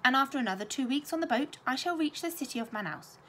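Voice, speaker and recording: A woman voicing a polite, hopeful young schoolgirl, in a storybook reading with lively pitch. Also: quick pace, slight background noise. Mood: eager.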